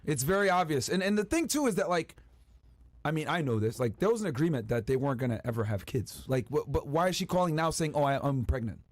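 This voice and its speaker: A man hosts a podcast, commenting casually with slang and restarts. His voice sits a little high and sounds dry and close to the mic. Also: sing-song, quick pace, no room sound. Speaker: podcast host.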